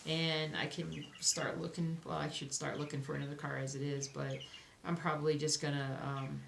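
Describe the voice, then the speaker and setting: A woman's voice: low voice, flat delivery, normal speed, gravelly. A young woman, chatting casually to camera in a rambling, self-reassuring way about her week, sounding sleepy. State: sleepy, yawning. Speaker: cross stitch vlogger. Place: home. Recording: echoey room, faint noise.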